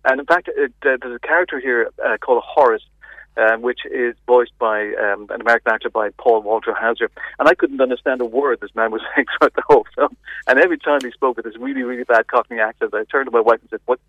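Fast-talking man reviewing films by phone. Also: mid-range voice, no echo. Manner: chatty, animated, many restarts. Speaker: film reviewer. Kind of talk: casual radio film review. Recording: tinny phone line.

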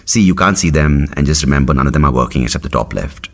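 A man's voice: a bass voice, lively intonation, fast talker, creaky, heavily acted. A man quoting his bossy mother, scolding and insistent.

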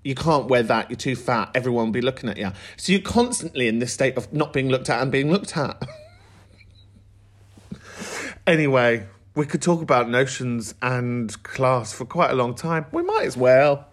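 A man's voice: medium pitch, expressive, moderate pace. Chatty male podcast host. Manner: chatty, laughing storyteller. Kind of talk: casual chat.

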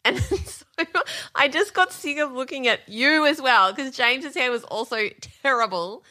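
A woman's voice: high voice, normal speed, bright, forceful tone. A woman, co-hosting a casual chat, teasing her husband and laughing often as she tells a story. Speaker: podcast co-host.

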